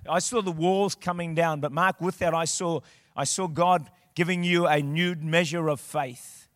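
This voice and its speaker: Impassioned high-voiced male preacher. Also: steady tone, normal speed, no echo, studio quality, long reverb tail. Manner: impassioned, rising to shouted declarations. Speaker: guest preacher. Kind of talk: sermon. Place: church auditorium.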